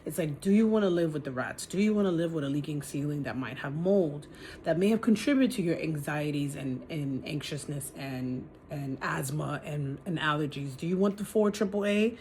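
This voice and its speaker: A woman's voice: low voice, moderate pace, a little mellow, a little hiss or hum. A woman venting in a casual vlog from her apartment, frustrated and ranting, swearing as she talks. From New York City. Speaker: vlogger. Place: apartment, indoors.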